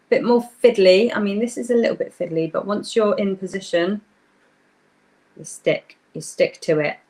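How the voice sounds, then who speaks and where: A woman's voice: medium pitch, measured pace, pauses often, a little mellow. A young woman hosting a live craft workshop, chatting casually and greeting viewers by name while she works.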